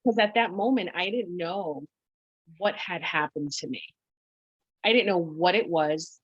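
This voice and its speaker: A woman guest on a podcast, telling her story in a halting way, full of restarts and quoted self-talk. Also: lowish voice, slightly rough, no room sound. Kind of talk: conversational storytelling. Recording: dull, lo-fi dry sound.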